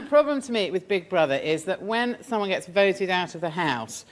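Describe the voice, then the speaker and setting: A woman's voice: mid-range voice, animated, normal speed. A woman comedian on a panel show, telling jokes unhurriedly. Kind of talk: stand-up style joke delivery.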